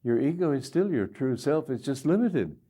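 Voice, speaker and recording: An older man giving a reflective spiritual talk as a teacher, gently humorous. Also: mid-range voice, sing-song, normal speed. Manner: reflective, gently humorous, quotes others in little voices.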